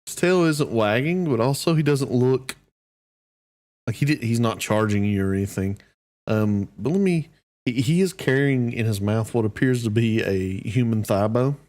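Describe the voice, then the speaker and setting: A man narrating as dungeon master, in an easygoing, halting way with fillers. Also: medium pitch, darkish tone. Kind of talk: narrating a tabletop game.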